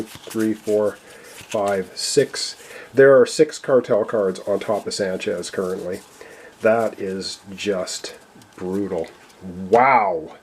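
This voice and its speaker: A man with a voice he says he is losing, commenting excitedly on his own solo board game play and counting cards aloud. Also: medium pitch, breathy edge. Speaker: board game player and channel host.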